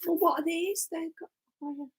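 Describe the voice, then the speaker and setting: Brief: female co-host, high voice, chatty, teasing side comments. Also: steady tone. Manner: chatty, teasing asides and quick reactions. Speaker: pastor co-hosting a live stream. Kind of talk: casual livestream chat.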